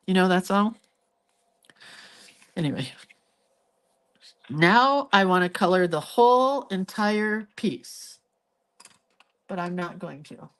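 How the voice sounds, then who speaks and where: Slow-talking woman chatting while she draws. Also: lowish voice, expressive, a bit bright. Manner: rambling, reminiscing aside. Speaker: hand-lettering livestream host. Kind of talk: casual chat while drawing. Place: cluttered living room, home.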